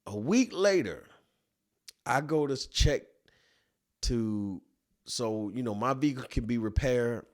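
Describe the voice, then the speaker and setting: A man and business owner telling a personal story in a colloquial, animated storytelling way. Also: on the low side. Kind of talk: storytelling talk.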